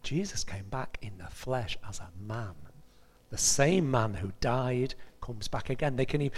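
A man preaching a sermon in a lively, conversational way, with asides to his congregation. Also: medium pitch, slightly rough. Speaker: pastor. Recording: reverberant hall recording.

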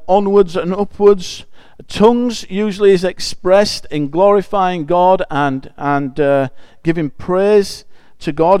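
High, smooth-voiced preacher. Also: male voice, a little mellow, no room sound. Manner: chatty and emphatic, with frequent restarts. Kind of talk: conversational sermon with scripture reading.

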